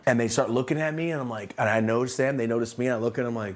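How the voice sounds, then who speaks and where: A man's voice: rapid-fire, few pauses. A young man telling a casual story about running his streetwear brand, slangy and laid-back, acting out his own lines with big jumps in his voice. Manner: animated, acts out his own quotes with big pitch jumps.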